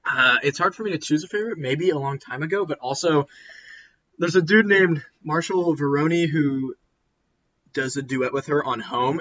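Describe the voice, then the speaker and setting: A man's voice: mid-range voice, pushed and bright, highs cut off, slight background noise. A tired young man chatting casually on a podcast about music, rambling and cutting himself off. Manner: rambling, self-interrupting. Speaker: podcast co-host.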